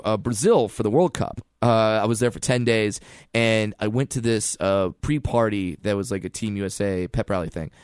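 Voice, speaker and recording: A man's voice: mid-range voice, dry recording, clean studio sound. A man telling comic stories in a chat, acting out the people he quotes. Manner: animated storyteller who acts out quoted voices. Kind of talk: storytelling chat.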